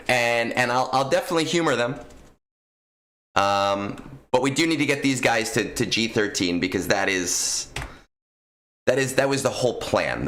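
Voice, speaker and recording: A man's voice: mid-range voice, fairly bright tone. A man streaming a game, chatting casually with viewers in a rambling way full of fillers. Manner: rambling, filler-heavy, talks to chat. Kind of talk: casual gaming stream chat.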